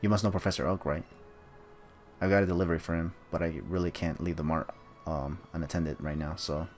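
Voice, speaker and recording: A busy shop clerk, read aloud by a man asks a favor in a plain, low voice. It sounds like a relaxed player reading game text out loud. Faint game music sits behind him. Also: a little fast, lightly acted. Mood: asking.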